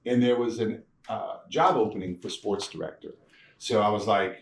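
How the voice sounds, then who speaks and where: A man telling stories from his career in a casual interview, animated, laughing often and acting out the people he quotes. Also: lowish voice, moderate pace. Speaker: guest, TV producer. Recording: echoey room, mic at a distance, faint noise.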